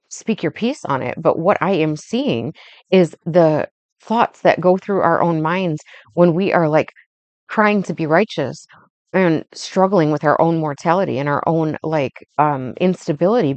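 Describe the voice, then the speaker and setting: A woman's voice: fairly low pitch, darkish tone, no echo. A young woman hosting a faith podcast, reading scripture aloud and then talking it through in a loose, conversational way full of "like" and "um". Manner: loose and conversational, heavy on fillers like "like" and "um". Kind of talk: scripture reading with casual commentary.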